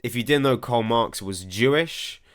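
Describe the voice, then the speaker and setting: A young Englishman whose accent carries a slight American and European mix, reading viewer comments aloud and answering them in a halting way, often repeating words as he starts a sentence. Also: mid-range voice, a bit bright, clear, resonant tone. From England. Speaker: commentary channel host.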